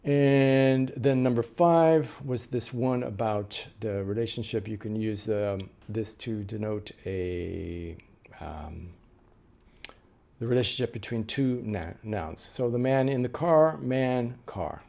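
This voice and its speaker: A middle-aged man gives a lecture, walking his listeners through examples step by step. His voice is gravelly, with a mellow, darker tone. He often stops and restarts mid-sentence. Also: mid-range voice, slow pace. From United States. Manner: explanatory, with frequent fillers and restarts. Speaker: interpreter trainer. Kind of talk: lecture on note-taking.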